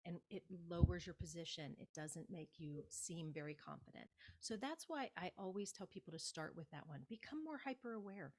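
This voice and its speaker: A woman's voice: on the low side, a little fast, hardly any pauses. Emphatic woman coaching on confidence. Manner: emphatic, animated coaching with acted-out quotes. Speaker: public speaking coach, guest. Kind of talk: interview advice.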